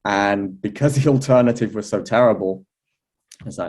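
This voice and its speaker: An astrology teacher tells a personal story in a relaxed, chatty way, full of fillers and restarts. His voice is lowish at a normal speed, and he laughs now and then.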